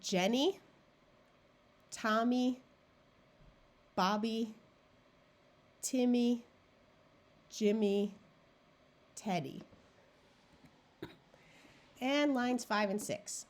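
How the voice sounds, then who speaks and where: A woman reading tutor giving a phonics lesson, sounding out practice words one at a time and explaining syllable rules. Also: a little high. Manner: slow, deliberate, clear word-by-word modeling.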